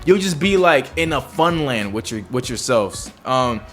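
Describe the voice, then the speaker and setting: A man's voice: medium pitch, expressive, a little slow, a bit bright, faint music behind. A man giving a casual spoken movie review, chatty and loose, with lots of fillers and repeated words.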